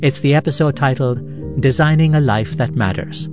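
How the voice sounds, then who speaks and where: A man hosting a podcast, giving measured, reflective scripted narration in a studio. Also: mid-range voice, over music. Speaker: podcast host.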